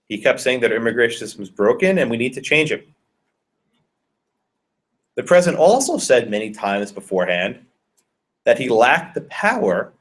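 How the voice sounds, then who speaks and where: A male law professor giving a conversational classroom lecture and questioning his students. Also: lowish voice.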